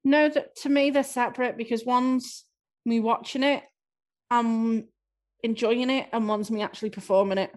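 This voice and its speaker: A woman's voice: a little high, steady tone, normal speed. Chatty Scouse woman, self-deprecating. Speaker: improv performer, interviewee. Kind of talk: casual interview answers.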